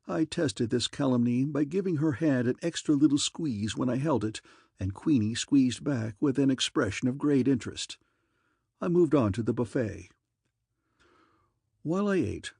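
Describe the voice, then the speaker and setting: A man's voice: mid-range voice, darkish tone, slightly rough, dry recording, clean studio sound. A man reading an audiobook in wry, easygoing first-person narration.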